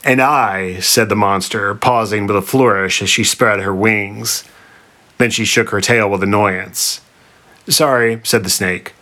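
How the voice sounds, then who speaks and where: A man reads a comic story aloud in a dry, deadpan narrator's voice. His pitch sits low. The sound is bright and forward. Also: unhurried.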